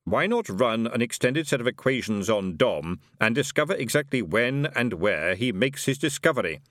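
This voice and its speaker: A man voicing a kindly, measured talking computer that speaks evenly and precisely. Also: medium pitch, no room sound, studio quality. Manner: even and precise.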